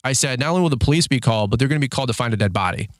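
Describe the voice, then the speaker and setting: A man in his thirties who owns a lawn care business, telling a rambling story in a casual vlog, full of "like" and "dude", acting out shouted quotes in a higher voice. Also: lively intonation, very fast, no echo, studio quality. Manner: heavy use of filler words like "like" and "dude".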